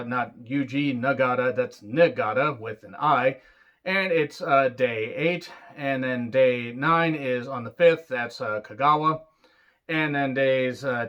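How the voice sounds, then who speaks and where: An excitable man talks through a wrestling review in a loose, rambling solo chat. He swears freely and drifts into asides. His voice sits at an ordinary middle pitch, and the recording is a little dull and lo-fi.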